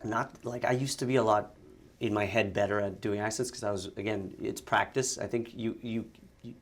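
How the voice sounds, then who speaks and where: In a casual interview, this young actor and sketch comic from Montreal, Canada, talks fairly quickly in a lowish voice with fairly even intonation. Laughter comes often, and so do restarted sentences.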